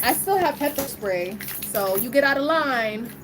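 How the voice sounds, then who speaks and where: A woman's voice: high voice, lively intonation, a little slow, background noise. A woman in her twenties casually telling a story to the camera, laughing often and acting out the voices of the people in it. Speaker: vlogger.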